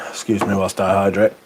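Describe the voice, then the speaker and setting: A low-voiced man with a Northern English accent hosts a livestream against a noisy background. He chats casually and reads out viewer comments with dry banter.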